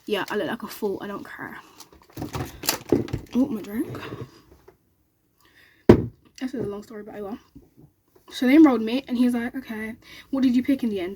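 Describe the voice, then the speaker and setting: Fast-talking young woman with a husky voice. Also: on the high side. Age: young adult. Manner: rapid, excitable, acts out others' lines. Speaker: vlogger. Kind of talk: casual storytelling to camera.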